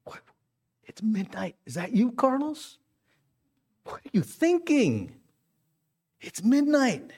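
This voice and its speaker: A man's voice: very high voice, very animated, slow pace, long pauses, breathy edge, pitched above the performer's own voice, exaggerated voice. A man doing a grumpy neighbor woken at midnight. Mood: annoyed. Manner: irritated loud whisper.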